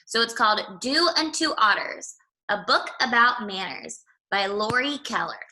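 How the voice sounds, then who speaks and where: A pre-K teacher reading a picture book aloud, pausing to explain things to small children. Her voice is bright and a little high, and she speaks slowly and clearly. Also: lively intonation, low-quality recording.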